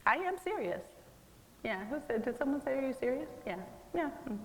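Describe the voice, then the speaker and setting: A woman's voice: sits high, big pitch swings, moderate pace, long reverb tail, a little hiss or hum, rough recording. A woman artist giving a conversational gallery talk about her work, explaining at an easy pace with frequent fillers. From American. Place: museum gallery.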